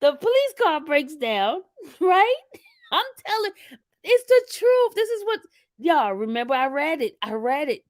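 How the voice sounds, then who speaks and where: A high-pitched woman talks straight to her viewers, keeping it loose and chatty. She is animated, laughs a lot and keeps calling the audience y'all. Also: a little slow. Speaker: commentary channel host. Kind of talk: casual commentary to viewers.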